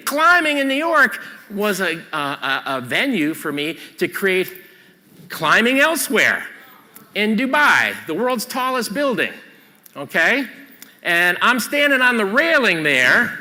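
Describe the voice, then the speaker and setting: A man giving an animated photography seminar on a convention stage, emphatic and punchy, often checking in with "okay?". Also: on the high side, long reverb tail.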